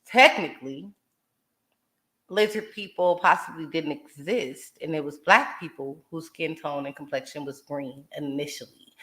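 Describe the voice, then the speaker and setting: A woman hosting a podcast, talking in a casual, animated, rambling way and swearing freely. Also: sits low, moderate pace, reverberant, poor audio. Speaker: podcast host.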